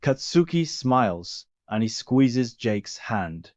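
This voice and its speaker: A man reading fan fiction aloud in a steady, plain storytelling way. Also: medium pitch, measured pace, dry recording, highs cut off. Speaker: reader. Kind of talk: fanfiction story narration.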